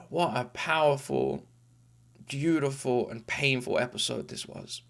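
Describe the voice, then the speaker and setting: A man's voice: mid-range voice, slow pace, vocal fry, a bit bright. A man in his thirties hosting a reaction video, talking in an earnest, heartfelt, rambling way with restarts, tearful after crying. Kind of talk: casual emotional monologue.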